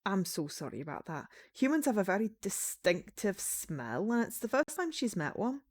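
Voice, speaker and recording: A woman's voice: mid-range voice, very animated, normal speed. A woman voicing a polite, apologetic young male werewolf neighbor.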